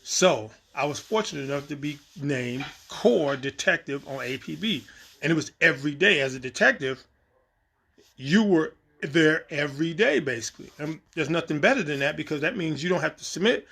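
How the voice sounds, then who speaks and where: A man casually telling a story from his time on set, lively and acting out the exchanges. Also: fairly high pitch, normal speed, vocal fry, breathy edge. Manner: animated, acts out quoted exchanges. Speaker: storyteller recounting a set experience.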